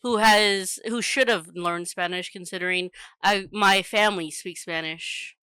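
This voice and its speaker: A woman's voice: medium pitch, fairly even intonation, sharp tone, clear, resonant tone, dry recording. A woman co-hosting a casual book discussion over a video call, blunt and playful. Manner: blunt, playful, quick to joke. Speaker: book club co-host. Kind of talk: casual chat.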